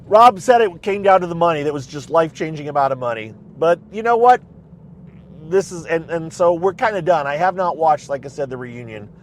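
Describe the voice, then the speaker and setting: A man's voice: fairly high pitch, lively intonation, brisk, slight background noise. A man casually recapping a TV show from inside his car, rambling with lots of fillers and restarts. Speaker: recap vlogger.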